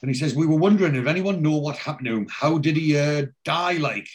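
A man's voice: fairly high pitch, quick pace. A man hosting a casual podcast, retelling a TV episode scene by scene. He slips into the characters' lines without much change of voice and fills the gaps with ums and restarts. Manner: reads out character lines in a plain retelling voice, many fillers. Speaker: podcast host recapping a TV episode.

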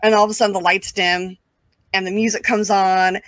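A woman of mid pitch spins a casual anecdote as an interview guest, animated and peppered with filler words and quick asides. The recording is dry and close, with no room sound around her. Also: no room sound. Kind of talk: casual storytelling.

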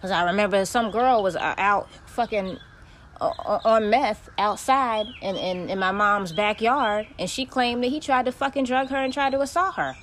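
A woman's voice: medium pitch, normal speed, a bit bright, a little hiss or hum. A woman hosting her own podcast, venting in a heavily profane, emphatic solo monologue. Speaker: podcast host.

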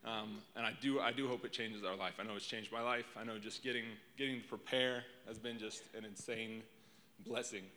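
A man preaches into a handheld microphone, his tone bright and forward. He is openly emotional and self-deprecating. A long reverb from the church hall trails his words. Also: fairly low pitch, fairly even intonation, fairly quick, a little hiss or hum. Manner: emotional, rambling, self-deprecating, warm to crowd. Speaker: guest preacher. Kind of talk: sermon opening. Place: church sanctuary before a congregation.

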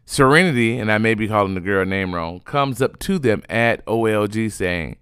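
A man giving a sassy, chatty recap of reality TV gossip, animated and full of fillers, yawning now and then. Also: on the low side, normal speed, clear, resonant tone, no echo, clean studio sound. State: sleepy, yawning.

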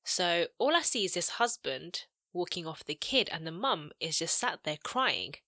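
A young woman co-hosting a podcast, blunt and expressive, swearing freely in casual chat. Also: lowish voice, normal speed, no room sound, studio quality. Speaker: podcast co-host.

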